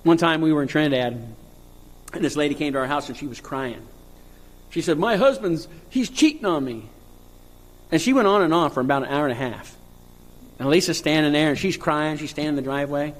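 A male pastor preaching a sermon, reading scripture and rising to impassioned high cries. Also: fairly quick, long pauses. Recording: long hall reverb.

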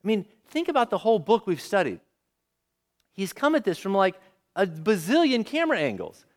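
Guy preaching a sermon, pretty high voice, really animated, keeps asking the crowd stuff. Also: moderate pace. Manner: lively, asks the audience questions.

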